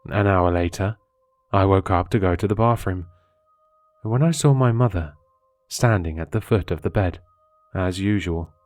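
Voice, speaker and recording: Deep-voiced man narrating horror. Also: normal speed, long pauses, darkish tone, dry recording, faint music behind.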